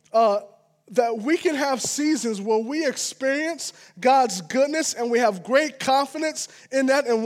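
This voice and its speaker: The sermon comes across as casual conversation from a man whose voice is strikingly high. Earnest and personal, he often stops to check in with his congregation, tossing in "all right?" again and again.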